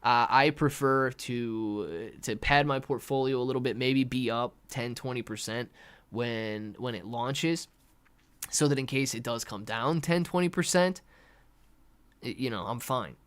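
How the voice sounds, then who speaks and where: A young man hosts a live trading stream in a loose, chatty way. His voice sits at an ordinary middle pitch, and he flares up animatedly and sarcastically when something bothers him. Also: a little slow, clear, resonant tone. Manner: animated, sarcastic rants, reads chat aloud. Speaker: livestream host. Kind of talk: casual live market commentary.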